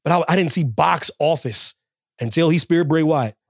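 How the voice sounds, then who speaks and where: A man's voice: moderate pace, no echo, studio quality. A man co-hosting a podcast in casual chat. He talks in an emphatic, repetitive way and jumps into mocking quoted voices. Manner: animated, emphatic, repeats himself, jumps into high mocking quotes. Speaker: podcast co-host.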